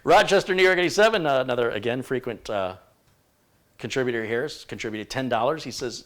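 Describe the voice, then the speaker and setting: A man's voice: mid-range voice, big pitch swings, fast talker. A man hosting a live computer repair stream, thinking aloud and rambling with frequent self-corrections as he diagnoses a PC.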